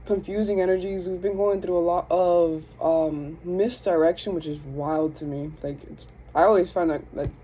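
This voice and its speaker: A woman's voice: on the low side, mellow, slight background noise, rough recording. A young woman with a Southern US accent giving a casual, chatty tarot reading, speaking to spirit and her viewers in slangy, self-interrupting talk. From Southern United States. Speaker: tarot reader.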